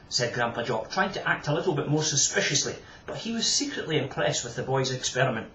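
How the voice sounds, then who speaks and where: A man reading his own children's book aloud, lively and expressive. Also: mid-range voice, fast talker, hardly any pauses. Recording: echoey room, distant dull mic.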